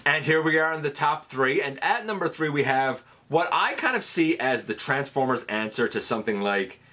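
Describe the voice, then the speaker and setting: A man talks straight to camera as the host of a fan countdown, relaxed and enthusiastic. His pitch leaps around freely as he riffs, full of little fillers and restarts. It sounds like easy, friendly fan commentary. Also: moderate pace. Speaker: host counting down a top ten list.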